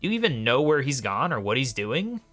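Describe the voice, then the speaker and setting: A man reading a scheming god, lively. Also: mid-range voice, fairly quick, faint music behind. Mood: persuasive. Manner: reads game dialogue in a slightly raised voice. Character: scheming male god, smooth and mocking. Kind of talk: reading game dialogue aloud.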